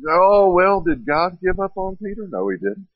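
Brief: male pastor, fairly high voice, storytelling sermon with rhetorical questions, dry dull recording. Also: very animated, moderate pace, dry recording. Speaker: preacher.

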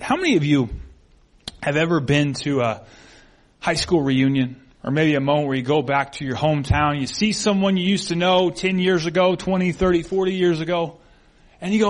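A male pastor giving a sermon, animated and conversational, acting out quoted people with raised voices. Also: a little high, normal speed.

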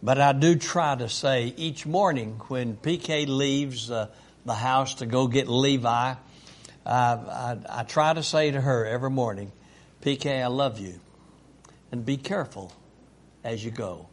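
A man hosting a casual chat at home, talking haltingly and tenderly with many pauses and fillers. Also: mid-range voice.

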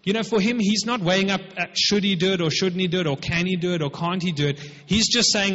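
A man's voice: high voice, fast, few pauses, fairly bright tone. A man preaching a sermon, retelling a scripture story in a conversational manner with frequent asides. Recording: reverberant hall, dull lo-fi sound.

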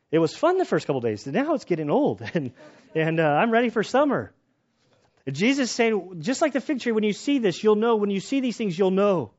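Chatty pastor man, lo-fi sound. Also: fairly high pitch. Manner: conversational, personal stories, animated when excited. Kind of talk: sermon.

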